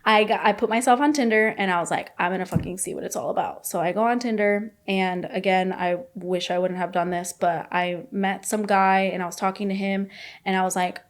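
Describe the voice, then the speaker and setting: A woman's voice: medium pitch, fairly even intonation, fairly quick. A young adult woman, a podcast guest, telling a personal story in a candid, emotional way, full of fillers and quoted dialogue.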